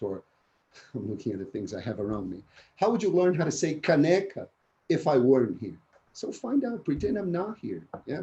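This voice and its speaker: Male teacher trainer, energetic online talk, warm tone, slightly muffled video-call sound. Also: mid-range voice. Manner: energetic, keeps asking "yeah?".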